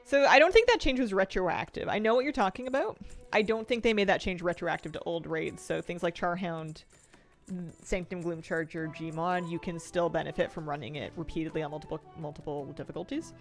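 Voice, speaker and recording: A woman's voice: on the low side, fairly quick, faint music behind. A young woman chatting casually on a game stream, reading chat and laughing often between her comments. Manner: chatty, giggly, answers chat.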